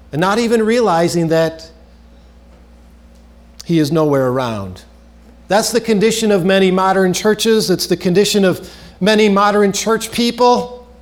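Male preacher, high voice, earnest sermon delivery, repeats key phrases, trails low at phrase ends.

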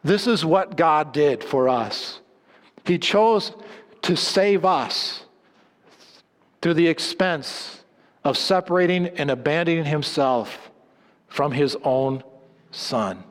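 A man delivers a sermon in a slightly high voice, pressing hard on key lines and then sinking to low, hushed endings. His voice rings out with a long hall reverb, as in a church sanctuary. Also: slow pace, pauses often. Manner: dramatic swings between loud emphatic lines and low hushed endings. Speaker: preacher.

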